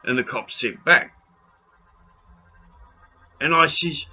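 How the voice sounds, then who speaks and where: Forceful New Zealand man ranting. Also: mid-range voice, a little slow, pauses often, husky, dull audio. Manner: pleading, blunt, swears freely, raises his voice. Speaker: video blogger. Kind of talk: impassioned rant to camera.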